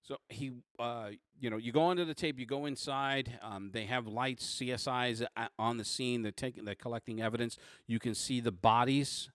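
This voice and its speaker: A man narrating as game master of a tabletop role-playing game, halting with many fillers and restarts. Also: medium pitch, a bit bright, no echo, clean studio sound.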